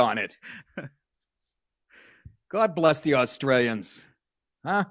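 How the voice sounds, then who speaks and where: A man's voice: medium pitch, animated, normal speed, fairly bright tone, no echo, studio quality. A middle-aged man hosting a comedy talk show, reading news stories aloud and riffing on them in a crude, sardonic way.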